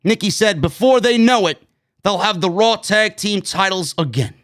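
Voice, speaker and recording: A man's voice: sits high, animated, normal speed, fairly bright tone. A man reviewing a wrestling show on his own, blunt and sarcastic, swearing freely. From New York. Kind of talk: opinionated solo show review.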